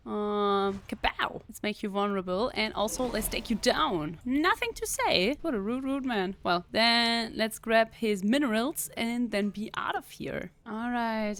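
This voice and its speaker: A woman's voice: a little high, fairly bright tone, clear, resonant tone. Chatty young woman, laughing gameplay commentary. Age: young adult. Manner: chatty, playful, laughs often. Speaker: gaming video creator.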